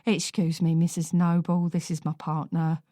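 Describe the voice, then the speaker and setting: A woman's voice: low-pitched, little pitch movement, moderate pace, mellow, no room sound, clean studio sound, close to an everyday voice. A woman voicing a flustered older woman with an East London accent, wary and fluttery.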